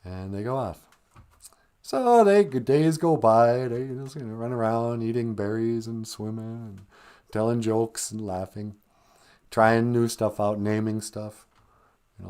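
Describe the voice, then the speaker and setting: A man hosting a live stream, spinning a comic story in a loose, rambling way full of asides. His delivery is casual and joking, with plenty of filler words, and his pitch sits in the middle range. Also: measured pace, long pauses, a little mellow.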